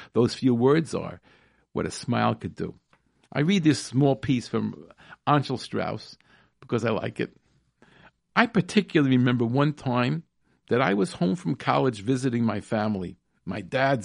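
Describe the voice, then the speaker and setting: A man hosts a radio show, reading a short piece and stopping to chuckle and comment. His voice has a gravelly edge and swings up and down in pitch. The studio sound is close and dry. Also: no echo. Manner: warm laughing asides between read passages. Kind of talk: reading aloud and chatting on radio.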